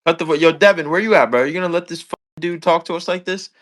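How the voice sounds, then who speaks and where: A male caller with a slightly high voice argues with a show host. He keeps protesting and complaining that he is being cut off. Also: racing, a bit bright. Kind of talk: heated call-in argument.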